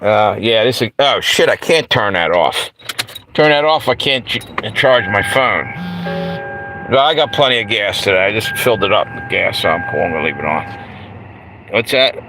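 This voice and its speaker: A man's voice: lowish voice, lively intonation, normal speed, over music. A man rambling and swearing on a casual livestream from his phone in a parked car, reading out chat messages and chuckling at his own asides. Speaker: live streamer. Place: inside a parked car with air conditioning running. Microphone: handheld phone. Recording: noisy phone audio in a car. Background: car engine and air conditioner hum.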